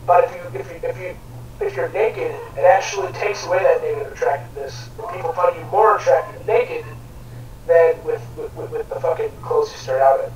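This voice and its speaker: A man's voice: fairly high pitch, fairly quick, a little mellow. A man chatting casually while playing a game, swearing and rambling in long rants. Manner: crude, swearing, rambling ranting. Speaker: gamer. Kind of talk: casual gaming chat. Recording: echoey room, distant mic, faint noise.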